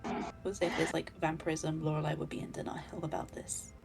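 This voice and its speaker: This is a woman with a lowish voice thinking aloud about the game, leaning on filler words. Music plays clearly in the background. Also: level tone, a little fast, a little mellow, whispered. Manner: rambling, uses many fillers. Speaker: player. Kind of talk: casual chat among tabletop players. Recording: music playing behind.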